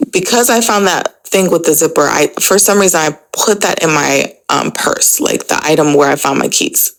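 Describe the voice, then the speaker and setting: Low, gravelly-voiced woman telling a story. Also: normal speed, few pauses, low-quality recording. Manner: chatty, full of "like" and "you know" fillers. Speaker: podcast host. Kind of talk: casual personal storytelling.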